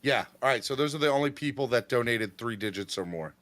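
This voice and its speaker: A man hosting a fan podcast in an excitable, casual way. He repeats himself and keeps calling people "man" and "bro". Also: medium pitch, fast, a crowd in the background. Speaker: podcast host. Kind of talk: casual chat.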